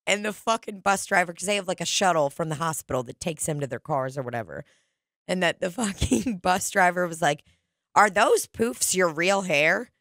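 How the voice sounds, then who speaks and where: A woman comic spinning a story in a loose, chatty way, swearing freely and leaning on "like" every few words. Her voice sits on the low side and the recording is dry and close, with no room around it. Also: lively intonation, fairly quick, vocal fry, no room sound. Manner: chatty, profane, peppered with "like".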